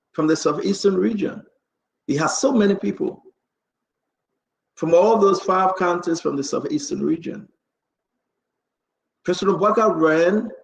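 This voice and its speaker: High, gravelly Liberian man ranting. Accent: Liberian English. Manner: emphatic and repetitive, hammering points home, speaks directly to panelists. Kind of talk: heated political commentary on a live stream. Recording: roomy echo.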